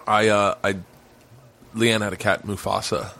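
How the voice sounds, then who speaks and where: A podcast host in his home mancave chats casually, his fairly low, creaky voice moving a little slowly. He's an animated storyteller who swears freely and loudly acts out the quotes in his stories.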